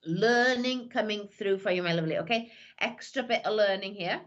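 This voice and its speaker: A woman's voice: medium pitch, moderate pace, fairly bright tone, highs cut off. A woman, a psychic medium chatting affectionately with viewers on a live stream. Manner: chatty, calls everyone "my lovely". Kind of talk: live-stream greetings and reading.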